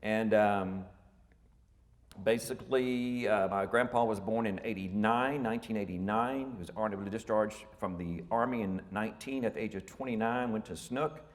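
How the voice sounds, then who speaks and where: A man's voice: fairly low pitch, moderate pace. A man, giving a folksy, rambling family history lecture full of fillers and self-corrections. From Texas. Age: 50s. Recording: reverberant hall.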